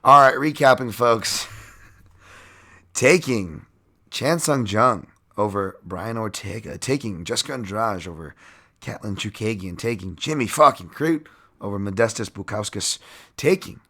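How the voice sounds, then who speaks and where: A man's voice: lowish voice, expressive, a little slow, sharp tone. A man hosting a podcast, breaking down fight bets in a rambling, self-mocking way and chuckling often. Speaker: podcast host. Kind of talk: casual sports-betting breakdown.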